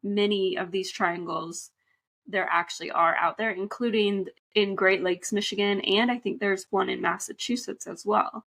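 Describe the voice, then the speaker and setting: A woman's voice: medium pitch, fairly even intonation, moderate pace, vocal fry, fairly bright tone. A woman co-hosting a podcast in casual chat, easygoing, asking questions and laughing along. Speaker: podcast co-host.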